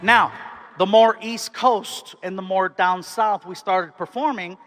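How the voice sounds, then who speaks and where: A man doing a stand-up comedy set, telling animated stories and switching into put-on voices. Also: sits high, a little slow, over music.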